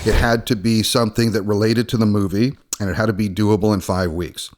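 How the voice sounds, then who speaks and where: A man's voice: fairly low pitch, steady tone, a little fast, faint music behind. A man, a former game designer, reflecting and confessional in a documentary interview.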